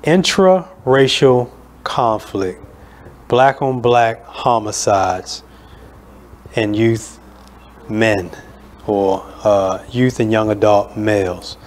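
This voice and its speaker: A man hosting a radio talk show, speaking in an earnest, measured way with many fillers. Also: fairly low pitch.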